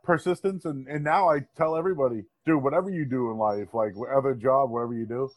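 A Boston-area man in his thirties, a sports radio host, guests on a casual podcast and tells his story in a laid-back, slangy style with a Boston accent. His voice is mid-range and he talks fast, with no echo.

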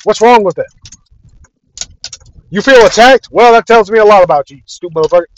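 A man's voice: sits high, fairly quick, slight background noise. A young man delivering an exasperated, profanity-heavy casual rant about a fandom, repeating himself as he goes. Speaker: podcast ranter. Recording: dry, dull lo-fi audio.

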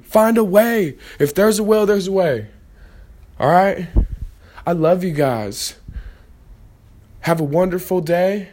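A man's voice: sits high, a little mellow. A tired young man talking casually to his viewers in a rambling, motivational vlog pep talk full of fillers. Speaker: vlogger.

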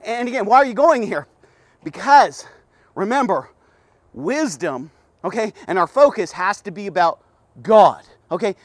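A man giving a rambling devotional talk, stammering and repeating himself with animated asides. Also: high voice, a little slow, no room sound. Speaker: devotional podcast host.

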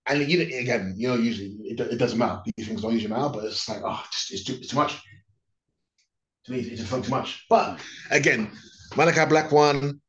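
A man chatting casually about wrestling as a podcast co-host, relaxed and hesitant, often repeating himself. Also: medium pitch, brisk, highs cut off.

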